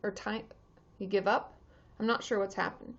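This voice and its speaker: A woman's voice: mid-range voice, level tone, normal speed. A woman therapist chatting casually on a livestream, answering viewer questions with lots of fillers and restarts. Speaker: therapist answering live chat. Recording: dull lo-fi livestream audio.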